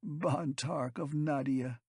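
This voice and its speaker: Man doing pompous old palace official, whining and snappish, raised pitch, husky. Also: fairly even intonation, takes it slowly, darkish tone, no echo, clean studio sound, heavily acted. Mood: whining haughty. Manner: whiny, arrogant, snapping. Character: whining haughty old male seneschal.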